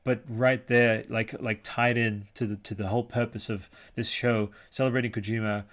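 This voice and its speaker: A man's voice: on the low side, level tone, normal speed, a bit bright. A man hosting a podcast livestream, rambling casually, restarting often and reading chat comments aloud. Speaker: podcast host.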